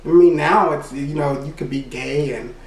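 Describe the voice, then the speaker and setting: A man's voice: on the high side, normal speed, darkish tone, slight background noise. A young man from Louisiana, telling a candid personal story and rambling with lots of "you know". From Louisiana, USA. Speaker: vlogger. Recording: roomy echo, mic set far off.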